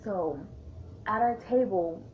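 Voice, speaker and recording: A young woman vlogger casually telling a storytime tale in a chatty, animated way, acting out the quotes. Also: medium pitch, takes it slowly, a little hiss or hum. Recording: tinny lo-fi sound.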